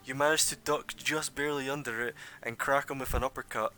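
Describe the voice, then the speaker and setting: Rambling bright-voiced game master. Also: male voice, mid-range voice, steady tone, fairly quick, hardly any pauses. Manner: rambling, filler-heavy. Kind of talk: narrating a tabletop game.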